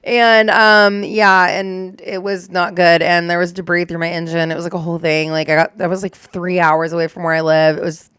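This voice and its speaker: Young woman storm chaser rambling candidly, smooth voice, dry sound, says like a lot. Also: fairly low pitch, little pitch movement, moderate pace, few pauses, fairly bright tone, no room sound. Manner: candid, emotional, swears, many fillers like "like". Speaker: storm chaser reacting to news clips. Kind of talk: casual reaction chat.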